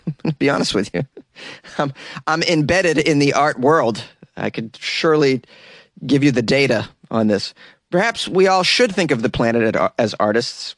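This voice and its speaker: A male comedian hosting a comedic news podcast, delivering the stories with wry, deadpan asides. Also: mid-range voice, dry recording. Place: inside a closet.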